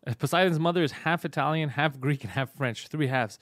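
A man hosting a casual comedy podcast, brash and profane, joking fast at a close microphone. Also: a little high, a bit bright, no echo. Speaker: podcast host.

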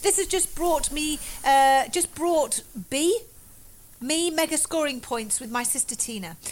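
A woman's voice: high-pitched, unhurried. A woman co-hosting a casual chat show, reading listener emails and lists with playful laughter. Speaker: podcast co-host.

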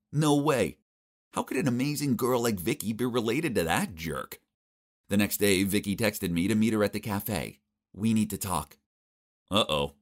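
Expressive young male storyteller. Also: fairly low pitch. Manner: expressive, dramatic comic delivery. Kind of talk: animated first-person story narration.

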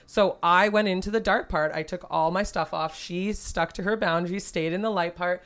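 Lively, low-voiced woman telling a story. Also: brisk, hardly any pauses. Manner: animated, swearing, acts out quotes. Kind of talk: casual chat.

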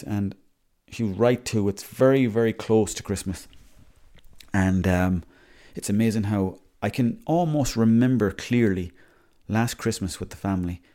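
A young Irish man talks through his week on a solo podcast, wandering from story to story and cursing freely. His voice sits a little low and comes across mellow and soft-edged. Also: a little slow. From Ireland. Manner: rambling, chatty, swears freely. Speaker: podcast host. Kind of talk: casual solo podcast monologue.

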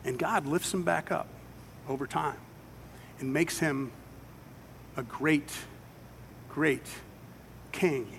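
Pastor guy preaching, acts out the quotes, a bit higher voice. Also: slow, gravelly, pauses often, fairly bright tone, a little hiss or hum. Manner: dramatic storytelling with quoted voices. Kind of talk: sermon. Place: church sanctuary with children present.

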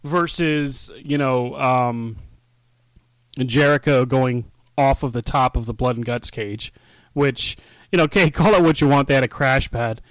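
Guy geeking out on a podcast, jokey, animated, super dry mic. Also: medium pitch, measured pace, no room sound. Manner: enthusiastic, joking, animated storyteller. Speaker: podcast co-host. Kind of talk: casual wrestling chat.

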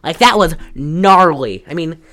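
A woman casually recapping a film's plot on a podcast, telling it in an animated way with lots of "like.". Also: low-pitched, unhurried. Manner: animated storytelling, frequent "like". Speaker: podcast co-host. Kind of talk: casual film recap chat.

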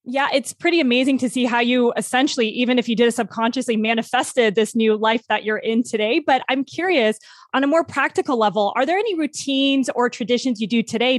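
A woman's voice: on the high side, dry recording, studio quality. A woman hosting a podcast, asking questions in an upbeat, enthusiastic way. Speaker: podcast host. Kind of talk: podcast interview.

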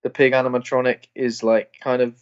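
A man's voice: medium pitch, little pitch movement, a little fast, muffled recording. A man co-hosting a casual podcast, blunt and self-deprecating, with some mild swearing. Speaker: podcast co-host. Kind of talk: casual chat.

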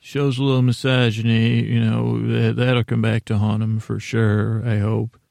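Man with a very gravelly voice. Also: medium pitch, little pitch movement, moderate pace, a little mellow, no room sound. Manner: rambling, self-interrupting, reading from notes. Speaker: podcast host. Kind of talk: casual episode recap.

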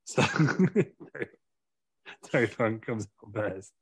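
A man's voice: lowish voice, lively intonation, drawn-out words, breathy edge, no echo. A man telling a rambling comic wrestling story, laughing through his own jokes. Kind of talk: comedic storytelling.

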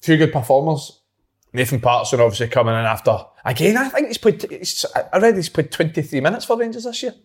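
Fast-talking Scottish man, football chat. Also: on the high side. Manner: quick, chatty, agreeable. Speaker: football pundit.

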